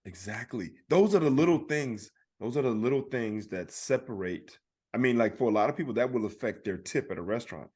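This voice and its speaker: A man's voice: mid-range voice, lively intonation, fairly quick, darkish tone, husky. A man co-hosting a podcast, telling a story in casual chat and acting out the other people's lines. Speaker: podcast co-host.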